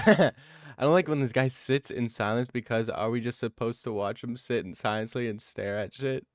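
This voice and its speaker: A man's voice: medium pitch, normal speed, no echo, clean studio sound. A young man streaming, chatting casually, joking, laughing and swearing freely.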